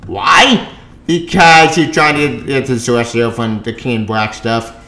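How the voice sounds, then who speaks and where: A man's voice: mid-range voice, unhurried, pushed and bright. Rambling man in an echoey room. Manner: rambling, sarcastic, with many restarts. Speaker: comic book reviewer. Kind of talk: casual rambling review. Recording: roomy echo.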